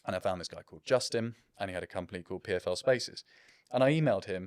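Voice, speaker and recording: A man's voice: sits low, very fast, no room sound, clean studio sound. A man in his thirties, a business founder, talking in a casual interview in a reflective, self-deprecating way.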